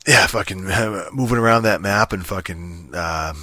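A man's voice: deep voice, normal speed, pushed and bright, no room sound, studio quality. A young man rambling casually about a strategy game, swearing constantly, restarting sentences and filling with ums. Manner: profane, rambling, frequent restarts and fillers.

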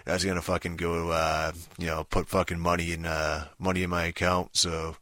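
A man's voice: low voice, flat delivery, normal speed, fairly bright tone, no room sound. A man ranting casually about a video game, swearing constantly and rambling with lots of fillers and "dude". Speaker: gaming vlogger. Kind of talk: profane casual rant.

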